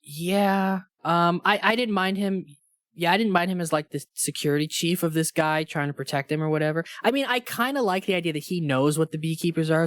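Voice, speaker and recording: A man's voice: a little high, no room sound, clean studio sound. A man co-hosting a casual movie review podcast, talking enthusiastically and rambling with many restarts. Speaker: podcast co-host. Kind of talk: casual film review chat.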